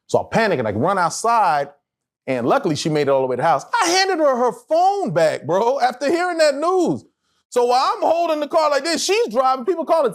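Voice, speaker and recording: A middle-aged man, an actor, telling a personal story in an interview with animated, profane, emotional delivery. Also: extremely high pitch, a little fast.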